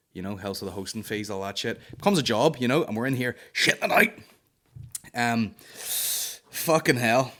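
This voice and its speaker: A Northern Irish man hosts a comedy podcast in a casual monologue, spinning sweary, rambling stories and slipping into put-on voices. His voice is on the low side and a bit bright.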